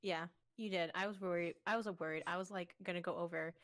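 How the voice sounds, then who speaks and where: A woman's voice: on the low side, steady tone, quick pace. A young woman co-hosting a casual chat who laughs and giggles often. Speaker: podcast co-host.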